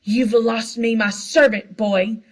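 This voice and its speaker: A woman's voice: very high voice, very animated, normal speed, gravelly, pitched above the performer's own voice, full character voice. A woman voicing a cold, haughty aristocratic wizard man, spitting his words in fury. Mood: furious. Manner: spitting, snarling.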